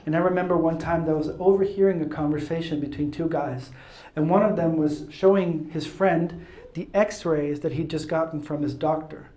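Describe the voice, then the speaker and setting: A man's voice: fairly high pitch, steady tone, normal speed, dark tone. Chatty man in a roomy space. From Italy. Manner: chatty, self-mocking, laughs at his own stories. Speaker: speaker. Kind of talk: casual testimony talk. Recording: roomy echo.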